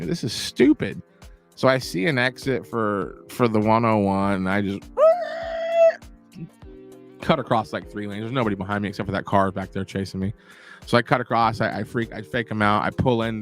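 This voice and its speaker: A man hosting a casual show, telling a long story in an animated, profane, rambling way. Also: fairly low pitch.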